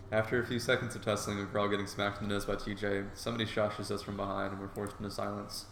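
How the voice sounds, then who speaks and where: A man's voice: lowish voice, flat delivery, quick pace, hardly any pauses, slight background noise. A man reading a visual novel aloud as he plays, with casual, joking asides. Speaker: game player and narrator. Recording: echoey room, soft guitar music.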